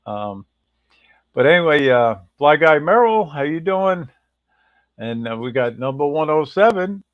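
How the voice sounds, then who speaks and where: A man's voice: on the high side, very animated, measured pace, no room sound, narrow, tinny audio. A man hosting a casual livestream and greeting viewers by name. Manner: reads out viewer names and greets them one by one. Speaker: livestream host.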